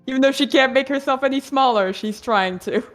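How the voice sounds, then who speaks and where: A woman's voice: high-pitched, brisk, soft background music. A woman playing in a tabletop game, reacting and commenting in a chatty way. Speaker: player.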